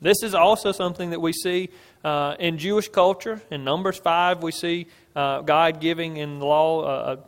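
A man's voice: fairly high pitch, fairly even intonation, normal speed. A man preaching an expository sermon, telling a scripture story with earnest, building emphasis and asking his listeners "right?" as he goes. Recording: long reverb of a large hall.

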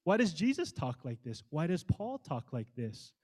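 A man's voice: a little high, very animated, darkish tone. Impassioned man preaching a sermon. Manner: impassioned, rhetorical questions, swings between quick and slow emphatic delivery. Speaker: pastor.

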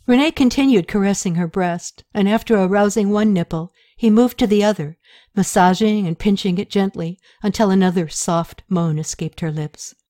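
A woman narrating an audiobook in a steady, even reading manner. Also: medium pitch, normal speed, no room sound, studio quality.

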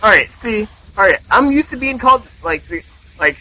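A young man in his twenties, co-hosting a casual late-night podcast over a remote call, telling an animated story and swearing freely while acting out quotes. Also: sits high, moderate pace, rough recording. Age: 20s. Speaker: podcast co-host.

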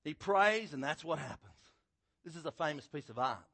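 A middle-aged man preaching a sermon, telling a Bible story in a conversational, animated way with a husky voice. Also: fairly high pitch, normal speed. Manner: animated storytelling, acting out quotes loudly.

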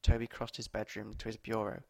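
A man narrating short stories aloud at a measured, steady pace. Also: lowish voice, gravelly, no room sound.

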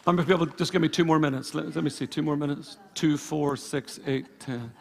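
A man's voice: a little high, steady tone, fairly quick, creaky. A man preaching a sermon as pastor at a church service, emphatic and full of repeated phrases. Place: church service before a congregation.

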